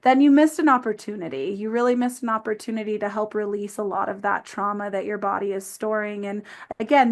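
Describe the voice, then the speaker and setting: A woman physical therapist talking earnestly as a podcast guest, with frequent "um" and "like" fillers. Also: a little high. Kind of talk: explanatory interview talk.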